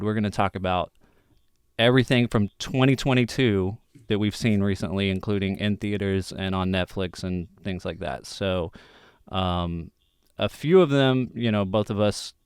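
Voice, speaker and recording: A man's voice: on the low side, steady tone, moderate pace, clean tone, no room sound, studio quality. A man hosting a podcast in casual chat, easygoing, laughing often and using many fillers. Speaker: podcast host.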